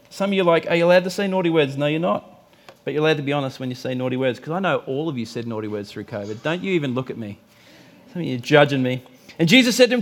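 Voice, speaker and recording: A middle-aged man preaching a sermon, telling stories and acting out quotes with big swings in pitch and volume. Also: animated, fast talker, a bit bright. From Australia. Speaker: pastor.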